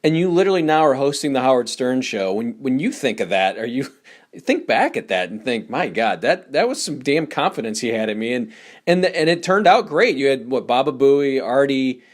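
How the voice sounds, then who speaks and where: A man's voice: medium pitch, big pitch swings, moderate pace. A man hosting a podcast, asking curious, probing questions in a conversational way. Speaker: podcast host. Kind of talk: interview questions.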